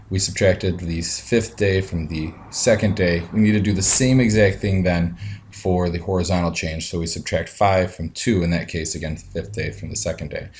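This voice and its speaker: Male teacher, low and steady, walking students through math steps with plenty of ums. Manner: talks through each step aloud, frequent ums. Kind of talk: screencast lesson.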